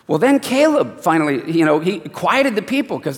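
A man preaching a sermon and reading scripture, an animated storyteller who acts out the voices. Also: sits high, moderate pace, hardly any pauses, long reverb tail.

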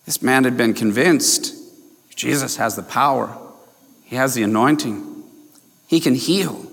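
A man's voice: medium pitch, a little slow, vocal fry, pauses often. A man preaching a sermon, stressing and repeating key phrases and putting questions to his congregation. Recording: long hall reverb.

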